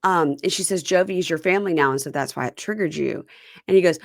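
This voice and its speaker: A woman hosting a casual recap chat, retelling scenes and quoting people in lively voices. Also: on the low side, quick pace, no room sound, studio quality. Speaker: podcast host.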